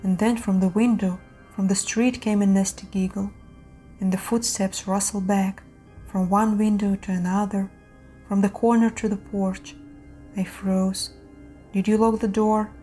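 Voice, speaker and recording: Woman narrator for horror tales, mellow tone, faint music bed. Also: medium pitch, flat delivery, unhurried. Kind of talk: scripted horror story narration.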